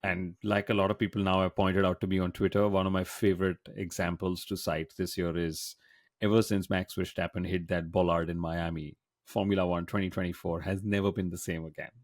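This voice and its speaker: A man with a notably deep voice hosts a relaxed podcast chat. He tells stories playfully and drops cheeky asides. The sound is dry and close to the mic. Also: brisk, no echo. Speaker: podcast host.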